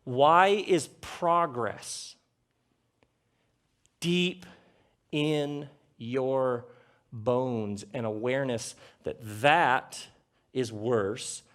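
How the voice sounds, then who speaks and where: A middle-aged man giving a live talk on a theater stage, conversational and jokey, with rhetorical questions and dramatic pauses. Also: medium pitch, fairly bright tone. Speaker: speaker addressing a live audience.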